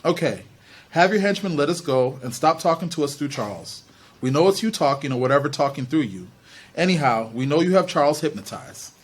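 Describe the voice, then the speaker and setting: A man voicing a protective teenage boy who talks low, firm and blunt. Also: lively intonation, a little fast, breathy edge.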